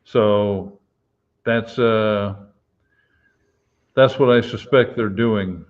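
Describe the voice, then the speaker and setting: A man, a retired police officer, telling a story slowly in casual live-stream chat, pausing often with fillers. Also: lowish voice, steady tone, dull audio. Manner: slow, halting anecdote with many fillers.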